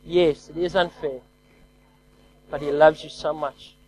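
A man preaching a lively sermon who calls out to his congregation and swings between loud exclamations and quiet, hushed lines. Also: a little high, a little slow, slight background noise, rough recording. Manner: energetic call-and-response preaching.

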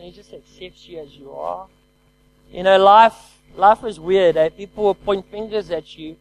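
High-voiced energetic male preacher. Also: low-quality recording. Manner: energetic call-and-response preaching; swings from loud to quiet. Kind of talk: sermon.

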